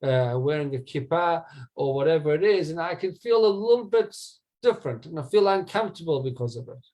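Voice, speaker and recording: A man's voice: fairly high pitch, expressive, a little fast, dark tone, muffled recording. A man teaching a small group in an informal talk, often stumbling and repeating his words. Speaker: rabbi teaching a class.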